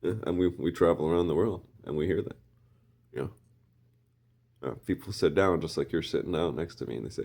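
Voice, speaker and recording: A man rambling through a casual monologue, often clearing his throat and hesitating. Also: low voice, brisk, pauses often, a little mellow.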